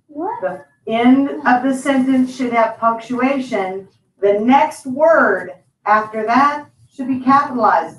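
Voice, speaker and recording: A woman teacher giving brisk, repeated instructions to her class. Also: a little high. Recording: echoey classroom from far off.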